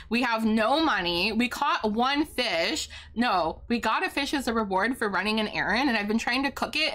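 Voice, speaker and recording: A woman with a bright, forceful voice pitched a little high, giving live commentary as she plays a game. She chats excitably with her viewers and laughs often. Her talk stays loose, quick to react, and friendly to her chat. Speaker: streamer.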